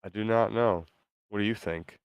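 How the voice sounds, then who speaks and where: A man with a very deep, smooth, resonant voice, hosting a stream and chatting casually. He talks hesitantly, stopping on fillers and restarting his sentences. The sound is close and dry. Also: normal speed, no echo. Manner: hesitant, lots of ums and restarts. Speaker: streamer host. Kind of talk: casual chat, reading viewer messages.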